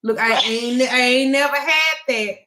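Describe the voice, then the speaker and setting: Bright, profane woman talk-show host. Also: sits high, a little slow. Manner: blunt, profane and animated. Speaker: host of a live call-in show. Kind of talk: casual storytelling chat.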